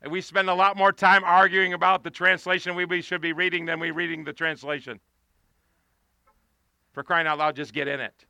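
High, bright impassioned preacher man. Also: flat delivery, brisk, clean tone, no room sound. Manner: impassioned, rising to pleading shouts. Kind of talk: sermon. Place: outdoors.

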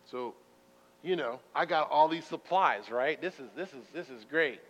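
A man preaching a sermon in a church, telling stories in a conversational, self-deprecating way with sudden loud bursts. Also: mid-range voice, expressive, measured pace. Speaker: pastor. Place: church sanctuary. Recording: muffled reverberant hall recording.

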